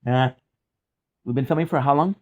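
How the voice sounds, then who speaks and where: A young gaming vlogger with a mid-range voice talks at normal speed, chatting casually from his hot apartment. He rambles, restarts his sentences and swears casually.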